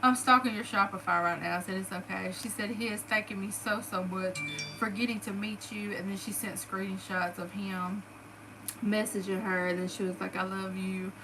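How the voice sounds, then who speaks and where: A woman's voice: mid-range voice, fairly even intonation, moderate pace, over music, low-quality recording. A woman with a Southern US accent chatting to her followers, emotional and full of fillers. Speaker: vlogger. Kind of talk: casual storytelling to followers.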